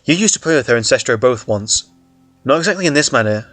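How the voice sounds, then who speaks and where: A man's voice: mid-range voice, lively intonation, fast talker, fairly bright tone, no echo, faint music behind. A man casually reading a fan comic aloud, swearing and stumbling over words. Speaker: reader.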